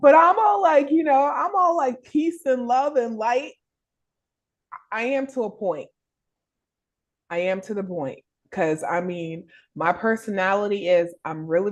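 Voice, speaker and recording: A woman in casual spiritual chat, often affirming her friend and laughing as she tells her own story. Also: mid-range voice. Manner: agreeable, frequent affirmations, laughing. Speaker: podcast co-host.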